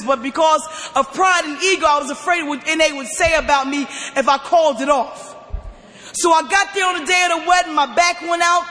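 A woman giving an emphatic personal testimony at a recovery meeting, often pushing her voice close to a shout. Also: very high voice. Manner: emphatic, often near-shouting, animated storytelling. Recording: long hall reverb.

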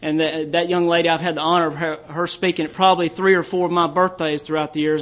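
A man's voice: a little high, flat delivery, fast talker, a bit bright. A middle-aged man from Tennessee, telling rambling, folksy jokes as a speaker at a recovery meeting, repeating his words as he goes. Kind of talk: storytelling talk with jokes.

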